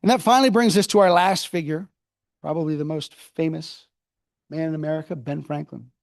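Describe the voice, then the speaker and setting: A man giving a book talk at a university, telling history as a lively storyteller who mocks people in quick asides. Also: a little high, vocal fry, no echo. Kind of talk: public history lecture. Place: university lecture hall.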